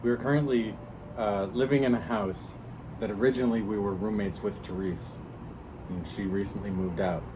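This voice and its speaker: A young man with a mid-range voice ribs his friend in a dry, teasing way during a relaxed chat. Clear background noise runs under his voice. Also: fairly low pitch, moderate pace. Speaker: co-host of a script reading video. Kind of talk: casual banter.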